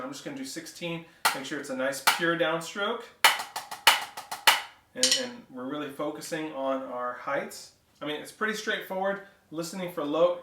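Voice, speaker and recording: A man's voice: a little high, slight background noise. Man drumline instructor in echoey room. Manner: counts rhythms aloud loudly between explanations. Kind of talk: instructional demonstration. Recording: roomy echo, distant mic, loud clatter.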